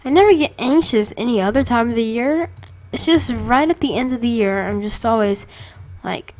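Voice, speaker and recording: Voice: mid-range voice, moderate pace, few pauses, a little mellow. A student casually commenting on their own game as they play, rambling and chatty, often stopping to correct themself. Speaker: let's play creator.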